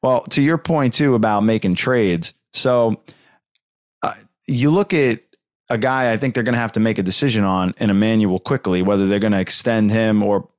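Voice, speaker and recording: A man's voice: fairly low pitch, moderate pace, no room sound, studio quality. A man hosting a casual basketball talk show, rambling with lots of fillers and the odd joke. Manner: rambling, full of fillers and jokes.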